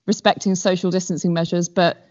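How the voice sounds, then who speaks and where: A woman guest on a podcast tells stories casually, rambling and poking fun at herself with plenty of fillers. Her voice is on the low side and darkish, brisk, with little pitch movement. The sound is dull and lo-fi.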